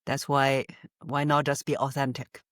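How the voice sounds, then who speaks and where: A woman's voice: very deep voice, little pitch movement, unhurried, no room sound, clean studio sound. A woman voice coach answering interview questions, explaining with frequent "uh" fillers and light laughs. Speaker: voice coach guest.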